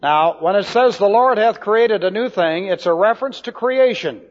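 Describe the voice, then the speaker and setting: A man teaching a sermon, slow and deliberate, spelling out Hebrew words letter by letter. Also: high voice, lively intonation. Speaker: Bible teacher. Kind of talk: expository sermon. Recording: dull lo-fi hall recording.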